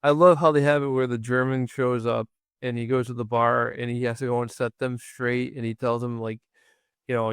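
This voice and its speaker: A man with a smooth, clear voice chats casually about old comedies on a review show. He talks in a loose, rambling way, restarting his sentences and laughing easily. The sound is close and dry. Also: mid-range voice, steady tone, normal speed, no echo. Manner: rambling, with frequent restarts and fillers; laughs easily while recounting scenes. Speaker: podcast co-host. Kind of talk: casual movie-review chat.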